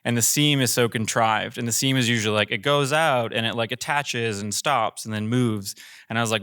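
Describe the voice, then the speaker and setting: A man's voice: medium pitch, fairly quick, sharp tone, smooth, no room sound, studio quality. A man directing commercials, telling a rambling, filler-heavy story on a panel in a theater. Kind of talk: casual panel talk.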